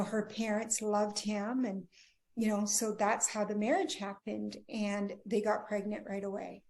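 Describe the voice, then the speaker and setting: A middle-aged woman, a marriage coach, telling her personal story earnestly in an interview, often dropping to a hushed tone. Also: medium pitch. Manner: earnest, emotional, drops to a hushed voice at tender moments.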